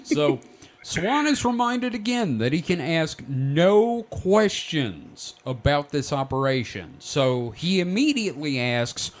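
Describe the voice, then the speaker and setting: A man leads a loose, jokey podcast chat, recounting a strange story. His pitch swings widely as he tells it, and he laughs and swears freely. He sounds like a regular host among friends. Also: sing-song, unhurried. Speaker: podcast host presenting the research. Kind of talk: casual comedic podcast banter.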